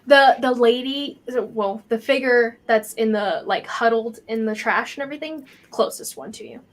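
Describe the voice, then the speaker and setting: A woman's voice: fairly high pitch, normal speed. A woman narrating as game master, describing scenes with many fillers.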